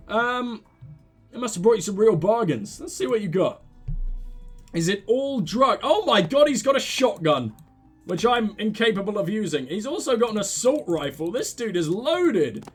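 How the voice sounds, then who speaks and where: Brief: joking gamer commentator, man, animated pitch. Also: normal speed, faint music behind. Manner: wry, joking, with laughs and restarts. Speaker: let's play host. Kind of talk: casual gameplay commentary.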